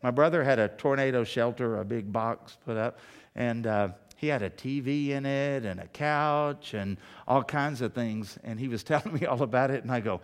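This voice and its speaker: A middle-aged male pastor delivering a sermon in a conversational, storytelling way. He swings from loud, urgent bursts down to quiet, hushed asides. His voice sits at an ordinary male pitch. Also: moderate pace, smooth.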